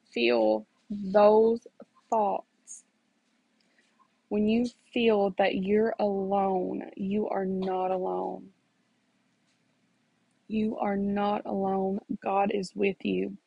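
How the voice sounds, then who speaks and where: A mother gives a preachy personal testimony of faith encouragement, telling her story earnestly, speaking directly to listeners, and repeating phrases for emphasis. Her medium-pitched, husky voice has vocal fry and little pitch movement, and she talks extremely slowly with frequent pauses. The recording is dry, with the highs cut off.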